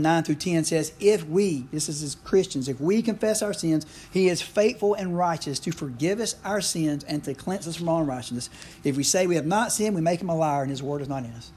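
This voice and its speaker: A man's voice: a little high, fairly quick, a little mellow, breathy edge. A middle-aged man, preaching a conversational sermon full of asides and questions to the congregation. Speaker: pastor.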